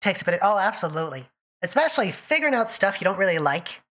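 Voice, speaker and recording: A woman's voice: medium pitch, very animated, fast talker, fairly bright tone. A woman streaming live, chatting casually and teasing her viewers by name while she draws.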